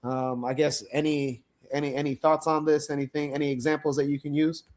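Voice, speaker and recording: Male podcast host, lively storyteller, laughs a lot. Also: a little high, a little fast. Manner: laughs often, animated storytelling. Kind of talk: casual chat.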